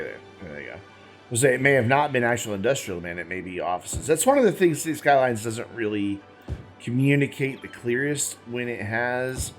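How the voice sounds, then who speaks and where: A man hosting a gaming channel, giving casual let's-play commentary as he plays, thinking aloud, rambling and correcting himself, with the hiccups. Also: fairly low pitch.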